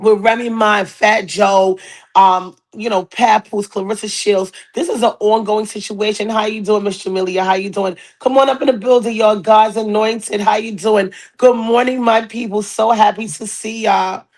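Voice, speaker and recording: A woman with a hoarse, raspy voice from a cold, hosting a casual podcast and greeting viewers in a chatty, repetitive way. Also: medium pitch, steady tone, normal speed. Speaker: podcast host. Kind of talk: casual live-stream chat.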